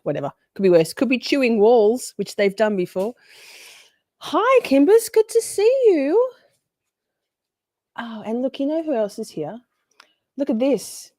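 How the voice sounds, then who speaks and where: A woman's voice: on the low side, dark tone, no echo, clean studio sound. A woman hosting a live stream, chatting casually, greeting viewers by name with a bubbly, sweary manner. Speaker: livestream host.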